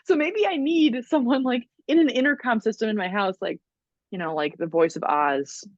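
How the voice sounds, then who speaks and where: A woman's voice: fairly high pitch, moderate pace, no echo, muffled recording. A woman co-hosting a podcast, telling stories in casual chat, full of "like"s and laughter. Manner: animated storytelling with many "like"s and laughs. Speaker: podcast co-host.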